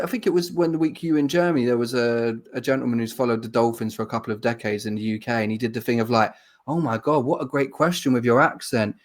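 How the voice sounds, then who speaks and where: A man co-hosting a sports podcast, giving blunt, opinionated takes in casual chat. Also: mid-range voice. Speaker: podcast co-host.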